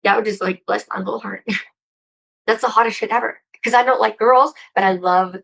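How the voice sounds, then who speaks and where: A woman being interviewed, talking in a rambling, excitable and profane way. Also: mid-range voice, moderate pace, creaky, rough recording. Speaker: interview guest. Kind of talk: casual interview chat.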